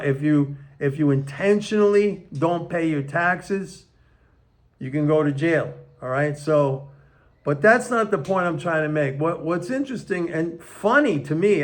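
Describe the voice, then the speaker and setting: Emphatic older man commenting on economics. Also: on the high side. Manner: emphatic, slows down to stress points. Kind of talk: casual opinion monologue. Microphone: camera on tripod.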